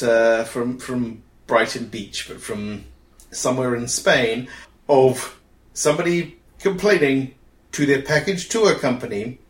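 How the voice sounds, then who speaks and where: With a New Zealand accent and a fairly bright, mid-range voice, a man hosts a casual podcast chat. He reads listener ideas aloud, his humour wry and dry. The sound carries a roomy echo.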